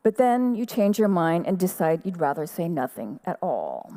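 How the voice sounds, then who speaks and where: A woman giving a measured, quiet literary reading of her own fiction at an outdoor festival stage. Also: lowish voice, big pitch swings.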